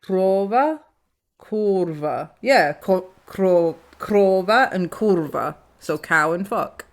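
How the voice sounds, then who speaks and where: Slow-talking British woman streamer, swearing. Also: on the low side. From Britain. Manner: swears often, laughs between lines. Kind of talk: casual gaming stream banter.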